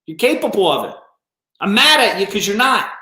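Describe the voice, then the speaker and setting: A man's voice: sits high, sing-song, normal speed, sharp tone. Blunt, scolding man in an echoey room. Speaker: business owner. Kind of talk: motivational live-stream rant.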